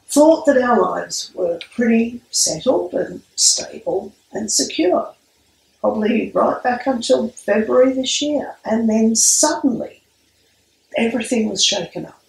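A woman priest giving a sermon with a measured, storytelling delivery. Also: fairly high pitch, animated, gravelly, a little mellow. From Australia. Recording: echoey room, mic at a distance.

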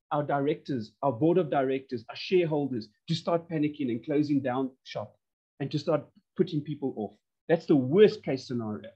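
Man, course instructor, animated and emphatic, higher-pitched, husky, muffled lo-fi video-call sound. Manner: animated and emphatic, repeats phrases. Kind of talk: online lecture. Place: home lounge.

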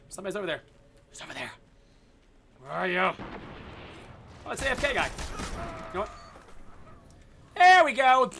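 A man giving excited, casual commentary on his own gameplay, swearing and yelling at the game. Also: sits high, creaky, slight background noise. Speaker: gaming video host.

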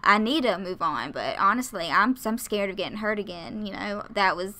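A woman's voice: medium pitch, expressive, moderate pace, sharp tone. A woman voicing a heartbroken young man who is afraid of getting hurt again. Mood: earnest.

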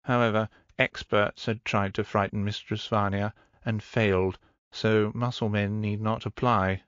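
A man's voice: lowish voice, little pitch movement, a little slow, a bit bright, dry recording, lo-fi sound. A man narrating an audiobook in a dry, wry manner.

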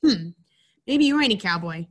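A woman voicing a mean, gruff male outlaw cowboy while reading a picture book aloud, with a slow drawl. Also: medium pitch, expressive, close to an everyday voice.

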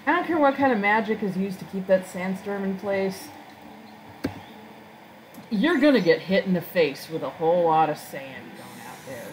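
Woman let's-player, mid-pitched, chatty and joking, casual gameplay commentary. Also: animated, moderate pace, darkish tone, slight background noise, low-quality recording. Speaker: let's-play gamer.

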